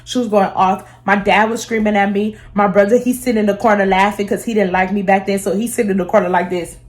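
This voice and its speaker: Animated young woman telling a story. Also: mid-range voice, fast talker. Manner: animated, chatty, swears and laughs. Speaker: vlogger. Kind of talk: casual storytime vlog.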